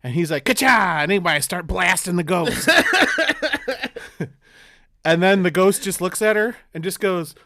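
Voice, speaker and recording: High-voiced man recapping a movie, profane. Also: normal speed, gravelly, pauses often, bright, forceful tone, slight background noise. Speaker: podcast co-host. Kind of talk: casual chat.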